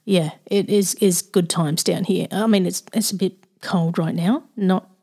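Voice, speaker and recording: Woman from Australia, low-pitched, bubbly, laughs a lot, casual video-call chat. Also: fairly even intonation, a little slow, dark tone, breathy edge. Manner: bubbly, laughs often, repeats words.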